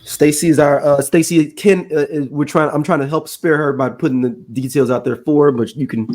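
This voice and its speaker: A man's voice: on the high side, brisk. Guy cohost reading news bits, laid back, uh-filled. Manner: relaxed, reads news items with fillers. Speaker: podcast co-host. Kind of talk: casual chat.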